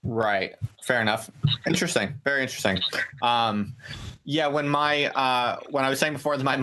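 A man in his thirties hosts a loose podcast conversation, rambling and cracking playfully sarcastic jokes. His voice sits at a middle pitch. A clear layer of noise runs under the recording. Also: bright, forceful tone, low-quality recording. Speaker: podcast host.

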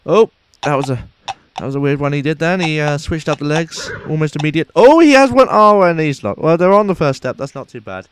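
A man playing a pompous, excitable sports announcer in mock commentary over a video game, with formal announcer phrasing, recorded on a noisy home mic. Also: very high-pitched, quick pace, hardly any pauses, pitched above the performer's own voice, heavily acted. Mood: excited commentary. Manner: formal announcer phrasing, shouts at near misses.

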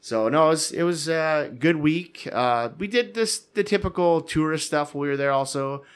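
A man's voice: a little high, moderate pace, smooth. A man co-hosting a podcast, telling a story in casual chat, with rambling restarts and chuckles. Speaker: podcast co-host.

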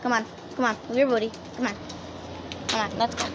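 A woman's voice: fairly high pitch, fairly even intonation, quick pace, noisy background. A young woman vlogging at her grandmother's home, talking to the dogs in a fond, baby-talk way. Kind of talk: casual vlog talking to pets.

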